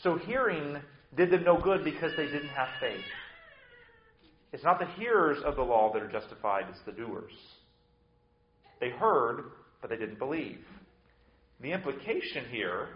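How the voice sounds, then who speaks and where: A man's voice: medium pitch, animated, moderate pace, long pauses. Emphatic preacher man in a roomy hall. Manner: emphatic preaching with sudden swings between loud and soft; repeats words when restarting phrases. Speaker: pastor. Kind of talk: sermon. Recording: roomy, slightly dull sound.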